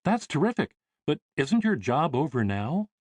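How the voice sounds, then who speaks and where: A man's voice: fairly high pitch, sing-song, moderate pace, darkish tone, no room sound, voice pushed up. A man voicing an eager, curious seventeen-year-old boy aboard a liner.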